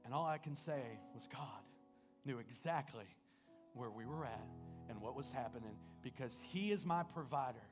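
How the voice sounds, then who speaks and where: A man preaching a sermon as pastor, telling a personal story in an earnest manner, swinging between loud and hushed. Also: medium pitch, expressive, moderate pace. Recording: music playing behind the voice.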